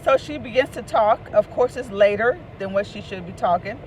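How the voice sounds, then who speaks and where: A woman, an author and speaker, telling a lively personal story and hollering out the voices she quotes. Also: medium pitch, normal speed, a little hiss or hum. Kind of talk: casual storytelling.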